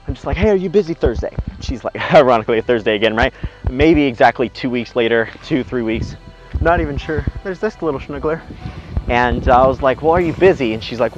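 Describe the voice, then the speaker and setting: A man's voice: medium pitch, low-quality recording. A young man telling a story as he walks outdoors, rambling and blunt, swearing freely and acting out what each person said. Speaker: vlogger. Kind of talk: casual storytelling while walking. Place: outdoors on a windy walk. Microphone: handheld camera. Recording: windy outdoor camera audio over music.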